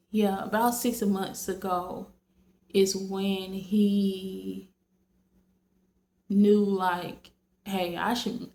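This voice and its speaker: A vlogger speaks slowly and casually to her viewers in a late-night talk to camera, her voice gravelly and flat in pitch. She rambles, circling back with many fillers and restarts, in an echoey room.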